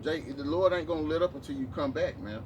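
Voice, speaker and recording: A man's voice: on the high side, fast talker. A man preaching emphatically on a city street, tagging his lines with "man". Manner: emphatic, ends phrases with "man". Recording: distant mic with loud street noise.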